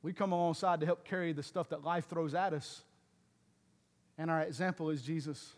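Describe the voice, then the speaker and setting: A middle-aged male pastor preaching a sermon, moving between loud, emphatic exhortation and quieter, earnest asides. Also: fairly high pitch, fairly even intonation, normal speed. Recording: long hall reverb.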